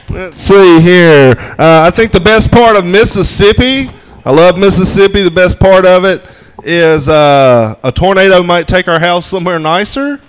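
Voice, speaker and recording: Host guy calling up comics, highish voice, keeps it moving. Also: slight background noise. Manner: upbeat crowd hype, quick introductions. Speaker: open mic host. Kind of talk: introducing comedians. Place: comedy club stage.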